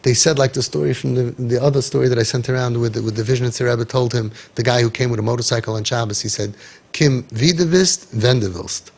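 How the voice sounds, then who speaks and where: A man guiding parents in an impassioned talk, forceful and sarcastic, peppering his speech with Hebrew and Yiddish terms. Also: mid-range voice, level tone, fast, vocal fry, hardly any pauses. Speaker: parenting guide.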